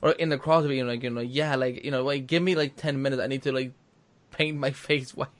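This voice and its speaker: A man's voice: medium pitch, steady tone, fast talker. A man hosting a casual podcast chat, talking in loose run-on sentences full of fillers and restarts. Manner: rambling, many restarts and fillers. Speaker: podcast host.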